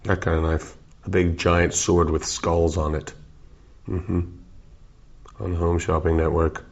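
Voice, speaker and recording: A musician in his forties gives goofy, rambling interview answers, joking around, wandering off topic and interrupting himself. His voice sits low and creaky with a darkish tone, little pitch movement and an unhurried pace, captured in a dull, lo-fi recording.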